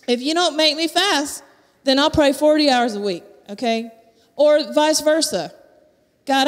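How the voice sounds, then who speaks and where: Candid woman preaching in a reverberant church. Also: high-pitched. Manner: candid and conversational, with self-mocking humor. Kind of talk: sermon. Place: church sanctuary at a live service. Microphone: handheld microphone. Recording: long hall reverb from a church.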